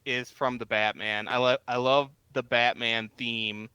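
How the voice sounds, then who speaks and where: A man joins a podcast as a guest and chats with easy, jokey enthusiasm. His voice is bright and clean, and the sound is dry and close. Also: medium pitch, fairly even intonation, measured pace, clean tone, dry recording. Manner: jokey, enthusiastic fan talk. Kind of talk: casual podcast chat.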